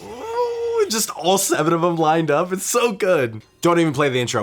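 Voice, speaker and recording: A young man giving casual, excited reaction commentary on a show, swearing often and laughing as he watches. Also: on the high side, moderate pace, faint music behind. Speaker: reaction video host.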